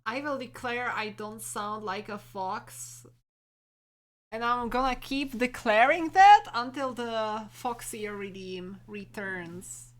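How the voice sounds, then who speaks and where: A woman's voice: a little high, slow pace. A woman streamer chatting casually with her viewers and thinking aloud.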